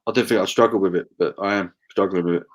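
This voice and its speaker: A man's voice: low voice, steady tone, quick pace. A man from the Suffolk coast, chatting casually and playfully over beers on a live stream. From Suffolk coast, England. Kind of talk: casual beer chat.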